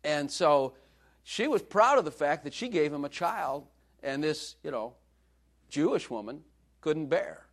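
A man preaches in a loose, joking, conversational way and laughs often. His voice sits a bit high and swoops up and down constantly. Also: lively intonation, a little slow. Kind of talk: sermon.

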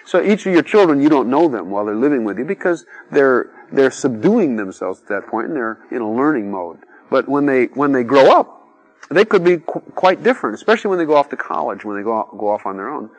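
A middle-aged man gives an informal sermon, talking to the listeners like a friend. His pitch swings widely and freely, and he keeps dropping in little acted-out voices between easy asides. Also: expressive, a little fast, no room sound, rough recording. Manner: conversational, peppered with "you know", acts out quoted voices.

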